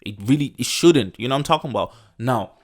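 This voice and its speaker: A man's voice: medium pitch, lively intonation, fast talker. Dude ranting on his podcast, cusses constantly, keeps saying bro, rambly. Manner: profane and emphatic, repeats "bro" and "you know what I'm saying"; loose, rambling, restarts sentences. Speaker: podcast host. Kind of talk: casual rant.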